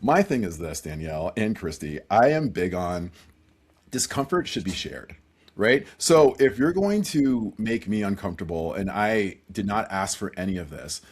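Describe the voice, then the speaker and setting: A man with a slightly husky voice tells stories as a podcast guest, his pitch rising and falling with energy. He speaks earnestly and animatedly. He talks like a seasoned professional speaker. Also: lively intonation, moderate pace. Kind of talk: casual podcast conversation.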